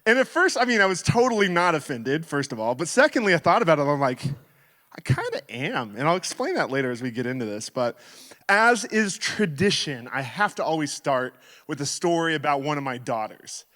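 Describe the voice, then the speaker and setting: A man in his thirties giving a sermon as guest speaker, telling stories in a playful, animated way. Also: fairly high pitch, a little fast. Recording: reverberant hall.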